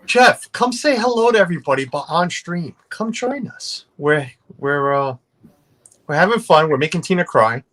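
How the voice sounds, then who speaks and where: A man's voice: a little high, animated, normal speed, fairly bright tone. A man hosting a casual livestream video chat, joking and rambling with friends. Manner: joking, rambling, laughs often. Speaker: livestream host.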